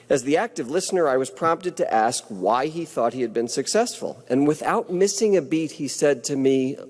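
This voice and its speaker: A man's voice: a little high, darkish tone. A man giving a prepared ceremonial speech, telling stories in an earnest, reflective way. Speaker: ceremony speaker. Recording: long hall reverb.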